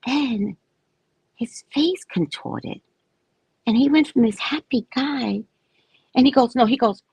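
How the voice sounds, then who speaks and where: A woman psychic casually telling a story about her neighbors, animated and acting out the people she quotes. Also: a little high, slow, gravelly, slightly rough, dry recording. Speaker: psychic reader.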